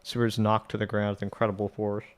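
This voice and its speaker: Low, flat-voiced man reading a game. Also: fast talker, a little hiss or hum. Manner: casual, swearing asides between read lines. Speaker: let's play narrator. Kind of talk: reading and translating a visual novel aloud.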